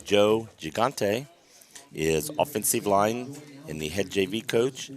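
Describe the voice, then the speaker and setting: Hoarse deep-voiced male sports announcer. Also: expressive, slow. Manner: chatty, joking banter. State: hoarse from a sore throat and chest cold. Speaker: play-by-play announcer. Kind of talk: local sports broadcast commentary. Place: indoor press booth at a football field.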